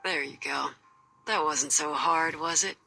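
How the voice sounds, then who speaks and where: A hard-edged female gunslinger with a husky, breathy rasp and a sharp, bright cutting tone. She talks in a slow, folksy drawl that makes every threat sound casual. She comes across as a cold, tough game mercenary. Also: low voice, heavily acted, rough recording. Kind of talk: video game voice acting.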